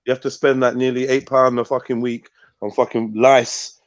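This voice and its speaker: A man's voice: mid-range voice, little pitch movement, normal speed. A man hosting a live panel show, arguing confrontationally, swearing a lot and punctuating his points with "yeah?". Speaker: host. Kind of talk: heated live panel debate.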